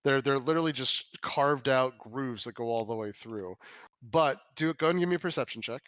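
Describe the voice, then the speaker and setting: A man's voice: mid-range voice, fairly bright tone, dry recording, dull audio. A man narrating a tabletop role-playing game as game master, often restarting and correcting himself as he describes scenes. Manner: halting, restarts and self-corrections.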